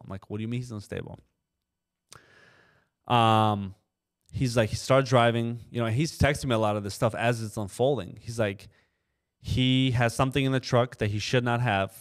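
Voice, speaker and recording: Animated storytelling man, lots of "you know". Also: mid-range voice, normal speed. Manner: animated storyteller, acts out quoted voices, many fillers like "you know". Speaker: trucking company co-owner, podcast guest. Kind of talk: casual storytelling in a podcast interview.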